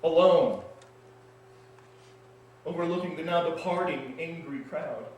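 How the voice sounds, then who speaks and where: An actor playing a freed male prisoner, shaken and awestruck, in an intense dramatic stage monologue with halting pauses, recorded in an echoey hall from a distance. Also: fairly high pitch, darkish tone. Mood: haunted. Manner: intense, halting, heavy pauses between phrases.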